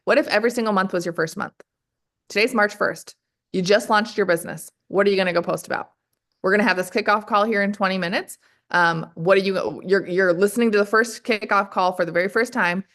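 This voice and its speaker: A woman leading a motivational training call for her sales distributors, energetic and full of rapid rhetorical questions. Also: mid-range voice. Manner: energetic, keeps calling the audience "you guys".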